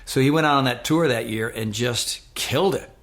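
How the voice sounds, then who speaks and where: A middle-aged man telling lively stories as an interview guest, acting out the voices of people he quotes. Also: medium pitch, normal speed. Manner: animated anecdote-telling, acts out quoted voices. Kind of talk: casual storytelling.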